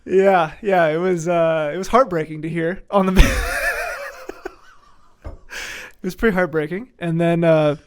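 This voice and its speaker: A young man tells a story on a podcast, animated and laughing often as he acts out the quotes. His voice sits a little high. The sound is dry and close to the mic. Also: slow, smooth, no room sound. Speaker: podcast host telling a story. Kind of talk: casual storytelling chat.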